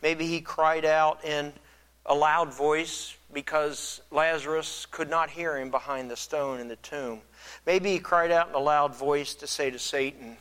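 An earnest male pastor delivers a sermon with a slightly higher-than-usual voice. He muses aloud and often restarts his words. He swells louder whenever he wants to stress a point. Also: steady tone, unhurried, rough recording.

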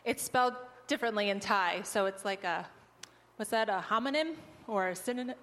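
A woman's voice: mid-range voice, brisk, a bit bright. A woman leading an audience through a group exercise, cheerful and teacherly, laughing often. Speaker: missionary presenter. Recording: long hall reverb.

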